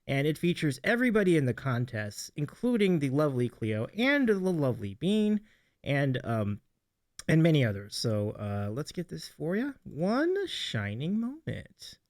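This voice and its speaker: Lively, hype-driven male stream host. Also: a little high, dry recording, clean studio sound. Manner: enthusiastic, hypes clips, many ums and restarts. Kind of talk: livestream hosting chat.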